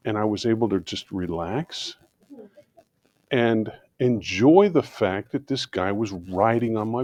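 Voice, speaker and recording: A man's voice: lowish voice, expressive, normal speed, a little mellow, no room sound. A man from the congregation telling a personal story animatedly, with restarts and asides. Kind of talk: personal story shared aloud.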